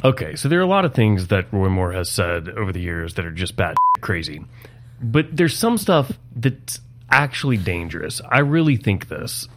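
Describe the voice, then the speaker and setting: A man's voice: deep voice, very animated, normal speed, a bit bright, slight background noise. A man co-hosting a political podcast in a studio, talking with wry, sarcastic asides. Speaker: podcast co-host.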